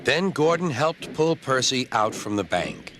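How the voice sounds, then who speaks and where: A man narrating a children's train story in a lively storybook manner. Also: measured pace, background noise. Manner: lively, very animated pitch. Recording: music underneath.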